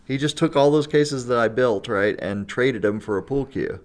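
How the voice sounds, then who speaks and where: A man's voice: medium pitch, normal speed. A man telling a long story in a casual podcast chat. He laughs often and keeps checking in with "right?" and "you know". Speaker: guest storyteller.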